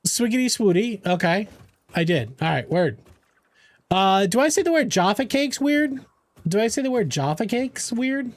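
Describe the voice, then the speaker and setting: A young man streaming a game, chatting casually and playfully with his viewers, rambling and joking as he goes. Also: high-pitched. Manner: playful, rambling, answers chat and jokes around. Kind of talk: casual live-stream chat.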